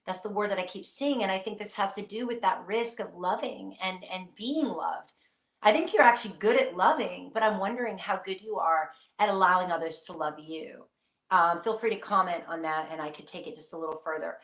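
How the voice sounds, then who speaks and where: A woman's voice: on the low side, a little fast, a bit bright, echoey room. A woman hosting a live psychic question-and-answer stream, speaking earnestly and reassuringly straight to her viewers.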